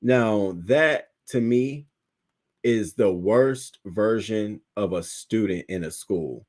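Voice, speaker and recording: Animated male livestream host. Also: fairly low pitch, slow. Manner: animated, laughing storyteller who greets viewers by name. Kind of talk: casual live-stream chat.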